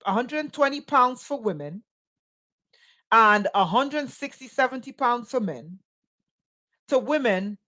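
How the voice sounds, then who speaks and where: A woman's voice: a little high, a bit bright. A woman, a spiritual teacher delivering an impassioned monologue full of rhetorical questions and sarcastic asides.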